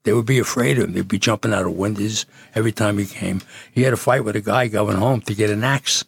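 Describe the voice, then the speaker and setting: An older man rambles through stories, restarting his sentences as he goes. His voice sits low, gravelly and husky, recorded close and dry. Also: fast, dry recording. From Jersey City, New Jersey. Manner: rambling, with frequent restarts and chuckles. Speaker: guest. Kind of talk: casual storytelling.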